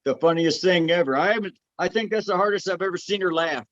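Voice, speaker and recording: A man co-hosting a casual podcast, telling a family story with animated emphasis and repeated "man". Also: high voice, quick pace. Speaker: podcast co-host. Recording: slightly dull lo-fi sound.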